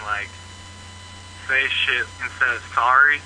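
Young man on a bright noisy phone line. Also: mid-range voice, steady tone, unhurried. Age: young adult. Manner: rambling, casual. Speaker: caller. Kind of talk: voicemail call-in.

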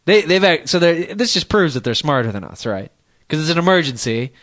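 A man's voice: a little high, very animated, a little fast, fairly bright tone, no echo, clean studio sound. A man co-hosting a podcast in casual chat, reading news stories aloud with joking asides. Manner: rambling, jokey, reads news aloud with asides.

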